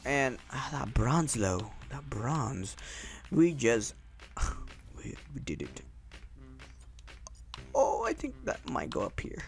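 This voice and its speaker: Excitable young man doing gameplay commentary. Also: mid-range voice, slow, pauses often, faint music behind. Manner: excitable, laughing, repeating exclamations. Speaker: gaming channel host.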